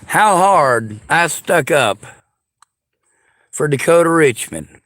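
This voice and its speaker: A man's voice: fairly high pitch, expressive, takes it slowly, fairly bright tone, dry recording. Sarcastic man ranting, dry sound. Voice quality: sarcastic, combative. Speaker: vlogger. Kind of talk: angry profane rant to camera.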